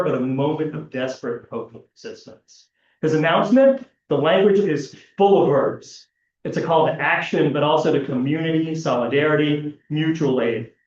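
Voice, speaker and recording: A man's voice: on the high side, darkish tone. A man presenting an academic paper at a conference panel, reading a prepared analysis with occasional fillers and restarts. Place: large lecture hall. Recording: echoey hall, distant, dull lo-fi.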